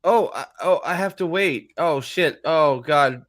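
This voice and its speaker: A man's voice: fairly high pitch, measured pace, few pauses, a bit bright. A young man hosting a show review, giving profane, exasperated, sarcastic reaction commentary as he watches an episode.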